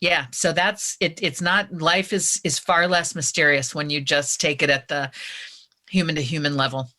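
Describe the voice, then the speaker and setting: A woman's voice: low-pitched, fairly even intonation, moderate pace, bright, forceful tone. A woman author, a guest on a podcast, speaking in an earnest, frank and reflective way. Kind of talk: casual interview chat.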